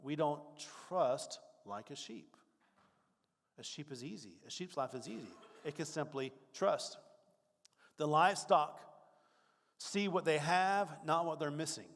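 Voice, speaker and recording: High-voiced preacher in a reverberant hall. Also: male voice, a little slow, a bit bright. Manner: conversational preaching, acts out worried voices. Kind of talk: sermon.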